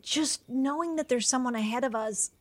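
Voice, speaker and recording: A woman's voice: high-pitched, moderate pace. A woman playing a tabletop role-playing game, talking through her ideas in a thoughtful, slightly tentative way. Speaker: player.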